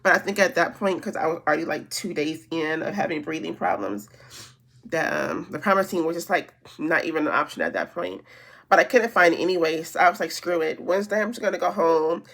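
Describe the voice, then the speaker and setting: A woman's voice: low-pitched, fairly quick, gravelly, fairly bright tone. A woman chatting casually while doing her makeup, telling a long story with lots of fillers and restarts. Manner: rambling storytelling with many fillers. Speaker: beauty vlogger. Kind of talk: casual get-ready-with-me chat.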